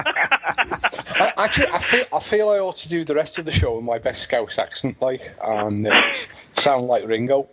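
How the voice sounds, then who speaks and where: A man's voice: mid-range voice, animated, brisk, hardly any pauses, fairly bright tone, dull audio, slight background noise. A man from near Liverpool with an English accent, co-hosting a radio show and joking and teasing. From England, near Liverpool. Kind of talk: casual radio banter.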